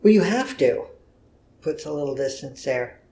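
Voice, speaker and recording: An American man in his sixties with a wry, drawn-out storytelling manner, chatting casually as an interview guest in an apartment. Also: a little high, expressive, warm tone, slight background noise. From United States. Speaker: guest, humor writer. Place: apartment room.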